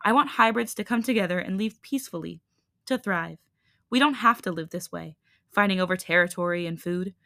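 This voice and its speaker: A woman reading a tired but firm young male hybrid leader in a calm, steady voice. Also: on the low side, fairly quick, vocal fry, no room sound, studio quality.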